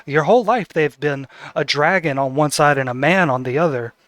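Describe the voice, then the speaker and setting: A man's voice: fairly high pitch, normal speed, a bit bright, dry recording. A man narrating as game master of a tabletop game, setting scenes with descriptive narration and fillers.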